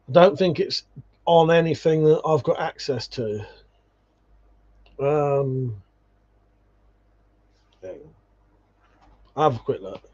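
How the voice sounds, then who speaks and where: On his livestream, a man chats loosely while going through viewers' comments, swearing here and there and addressing people as "mate." His slightly high voice has a little mellowness, though the stream's sound is dull and lo-fi.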